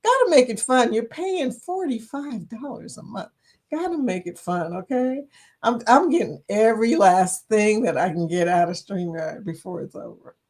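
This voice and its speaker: A woman's voice: mid-range voice, lively intonation, normal speed, darkish tone. A woman with a Southern US accent hosting a casual livestream, chatty, laughing often and greeting viewers by name. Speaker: livestream host.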